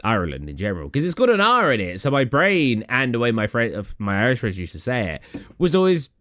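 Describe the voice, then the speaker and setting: Young British man, casual stream chat, rambling, animated, dry room. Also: medium pitch, quick pace, dry recording. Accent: British English. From Britain. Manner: rambling, animated, acts out his own reactions. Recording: dry room with faint music behind.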